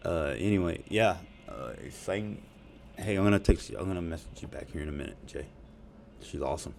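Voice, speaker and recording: A man's voice: sits low, expressive, fairly quick, gravelly, darkish tone, a little hiss or hum. A man rambling profanely and jokingly in a casual monologue to his audience. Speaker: vlogger.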